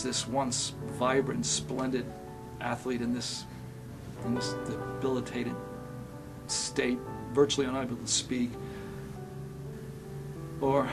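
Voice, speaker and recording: An older man, an actor and acting teacher, tells animated stories in a monologue and turns quiet and reflective at times. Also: mid-range voice, gravelly. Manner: animated storyteller who acts out scenes, turning quiet and reflective. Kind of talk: storytelling monologue for an actor's slate.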